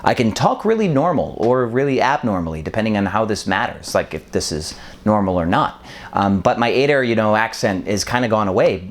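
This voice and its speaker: A man's voice: on the low side, expressive, brisk. A man from Wisconsin in his thirties, vlogging casually with lots of ums, speaking with a mostly neutral American accent that has a faint Wisconsin trace. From Wisconsin, USA. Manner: rambling, many ums, loose and chatty. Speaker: vlogger, short-term rental host. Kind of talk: casual vlog talk to camera. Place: indoors, apartment full of boxes.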